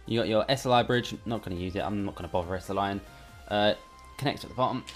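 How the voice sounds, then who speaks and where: A hardware reviewer with a lowish voice talks fast while unboxing gear at home. Soft music plays in the background of his bedroom, lit by a studio light, as he chats casually and irreverently.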